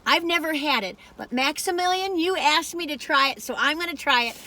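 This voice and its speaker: A woman's voice: high voice, brisk, pushed and bright. A woman in her sixties rambles chattily through a food review, talking straight to her viewers from inside a parked car on a phone camera. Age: 60s.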